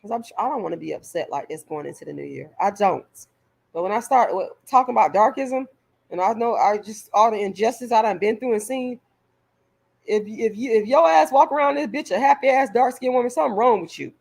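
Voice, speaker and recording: A woman's voice: fairly high pitch, animated, brisk, gravelly, a little mellow, slightly rough. Heated, profane woman vlogger ranting. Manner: profane, heated and emphatic, stumbling repeats. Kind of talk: direct-to-camera rant.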